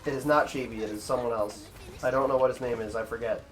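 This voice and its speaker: A man's voice: mid-range voice, steady tone, fast talker, soft background music. Profane rambling male streamer. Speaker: streamer, speedrunner. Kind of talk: casual chat with stream viewers while gaming.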